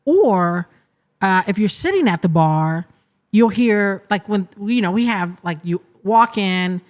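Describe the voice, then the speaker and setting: A woman's voice: medium pitch, lively intonation, measured pace, a little mellow. Chatty woman guest on a podcast. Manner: chatty, explains with many "you know"s and "like"s. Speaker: guest, restaurant co-manager. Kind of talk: casual interview chat.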